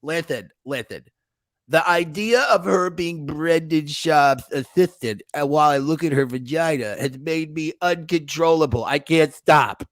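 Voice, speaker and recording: A man hosting a podcast, ranting and cracking crude jokes in an excitable, profane way. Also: a little high, unhurried. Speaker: podcast host. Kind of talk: crude comedic banter.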